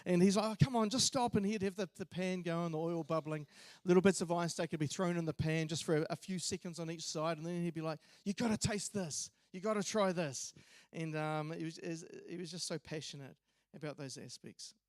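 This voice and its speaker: A man delivers a memorial eulogy in a church, telling stories conversationally with small hesitations. His voice sits high for a man. The recording is dry and close, with little room sound. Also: steady tone, fairly quick, a little mellow, dry recording. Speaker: eulogy speaker.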